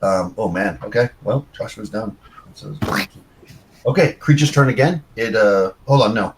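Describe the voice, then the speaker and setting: Male game master, lower voice, easygoing and chatty, faint hiss behind. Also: normal speed. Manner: loose, chatty rulings with many fillers. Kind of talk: running a tabletop game.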